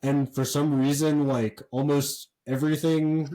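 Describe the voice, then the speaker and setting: A man co-hosting a podcast, telling a story in a rambling, animated way with lots of fillers and swearing. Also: medium pitch, measured pace, rough recording. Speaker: podcast co-host. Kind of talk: casual chat.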